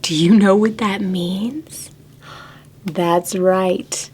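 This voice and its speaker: Slow, animated woman reading to preschoolers. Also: medium pitch. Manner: expressive, slow and animated, dropping to whispers. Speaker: children's librarian. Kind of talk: reading a picture book aloud to preschoolers. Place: library.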